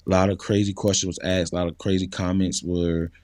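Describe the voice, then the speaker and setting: A man's voice: deep voice, flat delivery, fairly quick, a little mellow, no room sound, studio quality. A man talking casually and earnestly in an interview, with many fillers. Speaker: interview guest.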